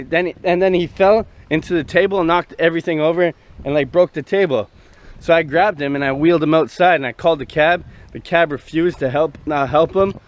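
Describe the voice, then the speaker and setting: A man casually telling a long personal story, rambling and profane with lots of fillers, recorded outdoors near traffic. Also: fairly high pitch. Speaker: host.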